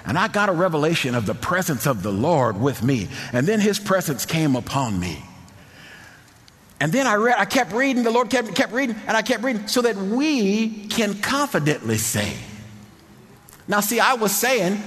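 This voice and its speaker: A middle-aged man preaching a sermon in a church, impassioned, repeating phrases and shouting at the peaks. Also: high-pitched, big pitch swings, normal speed. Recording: long hall reverb.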